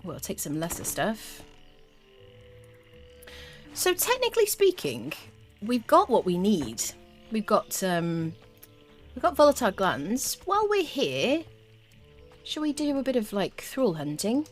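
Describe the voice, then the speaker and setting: A woman's voice: medium pitch, huge pitch swings, measured pace, long pauses, soft background music. A woman streaming a game, chatting casually with her viewers and humming little tunes as she plays. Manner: chatty, talks to chat, hums little tunes. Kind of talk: casual live gameplay commentary.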